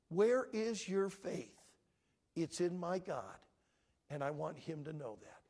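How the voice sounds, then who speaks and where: A husky man preaches an altar call in a church, his pitch rising and falling freely as he pleads. He speaks earnestly, voicing the prayers his listeners might say. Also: lively intonation, slow, darkish tone. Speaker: pastor. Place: church sanctuary.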